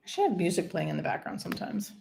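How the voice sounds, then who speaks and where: A woman hosting a casual livestream in a low, gravelly voice. She chats and tells stories in a loose, rambling way, greeting viewers as they join. It sounds like a casual home stream. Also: big pitch swings, fast talker, a little mellow, a little hiss or hum. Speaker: hospice nurse, livestream host. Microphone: webcam or phone setup for a livestream.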